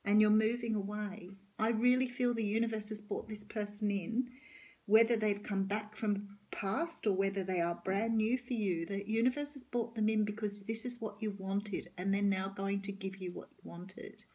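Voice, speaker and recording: Husky Australian woman reading tarot. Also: mid-range voice, fairly even intonation, normal speed, a little mellow. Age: middle-aged. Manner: earnest, reassuring, emphatic. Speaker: tarot reader.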